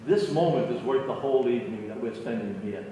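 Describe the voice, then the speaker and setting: An older man tells a story to a convention crowd, animated and given to repeating himself. His voice sits at an ordinary male pitch. It reaches the mic from a distance and rings through a large, reverberant hall with faint noise underneath. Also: fairly quick. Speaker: guest actor at fan convention. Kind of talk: storytelling Q&A anecdote. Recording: echoey hall from far off.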